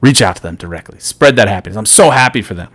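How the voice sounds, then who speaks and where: A middle-aged man hosting a solo podcast, giving an earnest motivational talk that swings between loud and soft. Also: fairly low pitch, expressive, fast talker, no room sound. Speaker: podcast host.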